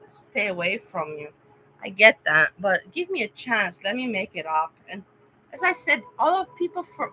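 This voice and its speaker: A woman's voice: medium pitch, sharp tone, slight background noise, poor audio. A young woman chatting casually on a livestream, emotional and rambling as she talks to her viewers by name. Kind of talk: casual live-stream chat.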